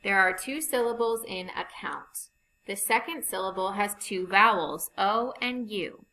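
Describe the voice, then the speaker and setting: A woman teaching a phonics lesson over slides, reading rules and example sentences slowly and deliberately. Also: medium pitch, bright, forceful tone, slight background noise, poor audio.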